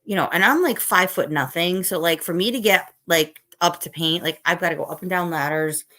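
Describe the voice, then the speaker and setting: A tired woman in middle age, chatting casually on a live stream with a rather low voice. She rambles from topic to topic and stops to answer the chat. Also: fairly quick, sharp tone. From Northeast United States. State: tired, yawning. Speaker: livestream host.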